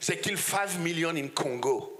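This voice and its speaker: A man's voice: a little high, lively intonation, normal speed, fairly bright tone. A man with a strong French accent, a native French speaker, giving an impassioned panel speech in broken English with restarts. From France. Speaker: conference panelist.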